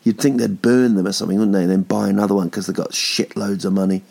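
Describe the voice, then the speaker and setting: A man's voice: fairly low pitch, steady tone, fast, gravelly, a little mellow, husky. A man in his thirties hosting a podcast from home, rambling through jokes with lots of ums and restarts. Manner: rambling, jokey, swearing, many ums and restarts. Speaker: podcast host. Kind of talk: casual comedic monologue.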